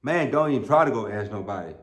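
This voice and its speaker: A man's voice: on the low side, animated, fast talker. A middle-aged American man preaching a sermon as pastor, telling folksy, humorous stories with emphatic peaks. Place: church sanctuary. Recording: roomy church sound.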